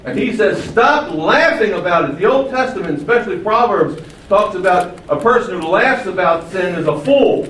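A man preaching a sermon with some lift in his voice, pushing up on the words he wants to land. He sounds distant from the mic, in a roomy, echoing space with a faint hum of ambience behind. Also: on the high side. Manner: emphatic, rising for key phrases.

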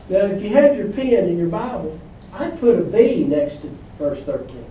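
Male pastor, high, mellow voice, slow deliberate delivery, distant echoey church hall. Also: sing-song, slight background noise. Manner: emphatic, call-and-response preaching. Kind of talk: sermon. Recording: echoey room from far off.

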